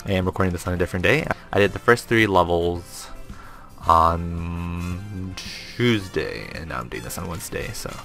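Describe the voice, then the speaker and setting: A man's voice: low-pitched, moderate pace, vocal fry, pushed and bright, soft background music. A man hosting a casual let's-play, rambling and joking to himself as he plays. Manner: rambling and self-amused, chats to himself. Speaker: gaming channel host.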